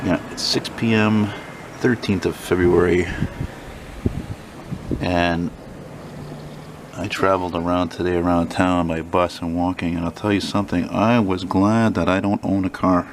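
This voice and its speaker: A man's voice: low-pitched, level tone, unhurried, long pauses. Profane ranting man outdoors. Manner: profane, ranting, rambling storyteller. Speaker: vlogger. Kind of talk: casual walking vlog storytelling. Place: outdoors on snowy city streets. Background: faint city traffic.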